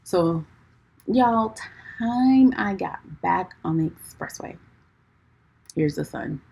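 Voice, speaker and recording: A young woman with a low, gravelly voice tells a story on her podcast. She talks chattily to her listeners, laughing as she goes and filling her sentences with "like". The tone is easygoing and personal. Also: lively intonation, slow pace, a little mellow, low-quality recording. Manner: chatty, peppered with "like", calls listeners "y'all". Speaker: podcast host. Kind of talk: casual storytelling chat.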